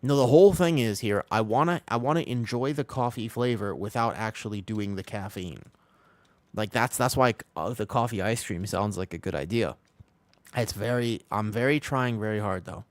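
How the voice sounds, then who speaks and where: A man's voice: lowish voice, moderate pace, dry recording. A young man live-streaming a video game from home, chatting casually and rambling to his viewers as he plays. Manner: chatty, rambling, answers chat, talks to himself. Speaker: streamer playing an online game. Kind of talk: casual live-stream chat while gaming. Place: home, in Thailand.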